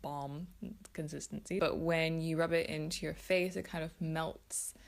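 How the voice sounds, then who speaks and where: A woman's voice: deep voice, steady tone, measured pace, creaky. A woman hosting a casual skincare favourites video, chatty and enthusiastic. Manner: chatty, enthusiastic, self-aware. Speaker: beauty vlogger.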